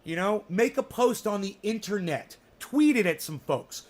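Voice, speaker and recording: A man's voice: high-pitched, lively intonation, unhurried. A man hosting his own show, talking casually in a rambling, blunt and profane way. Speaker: host of a cannabis show. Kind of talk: casual chat.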